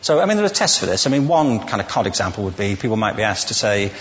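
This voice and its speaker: Lively man lecturing in a hall. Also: lowish voice, fast, slight background noise. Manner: witty, conversational, asks the audience questions. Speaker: public speaker. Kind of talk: lecture to a live audience.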